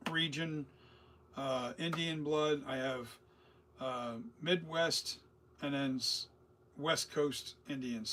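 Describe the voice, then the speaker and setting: A man's voice: medium pitch, a bit bright. A middle-aged man talking casually and loosely, swearing and repeating himself as he rambles. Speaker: host. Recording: distant mic with faint noise.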